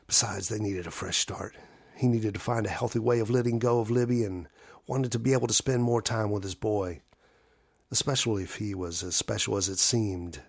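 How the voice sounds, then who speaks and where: A man narrating a horror story in a measured, low-key way. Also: gravelly.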